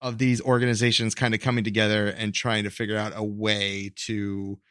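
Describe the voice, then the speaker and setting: A man co-hosting a podcast, explaining history in a halting, rambling way full of fillers. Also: on the low side, little pitch movement, fairly bright tone, clear, resonant tone, no room sound, studio quality. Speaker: podcast co-host.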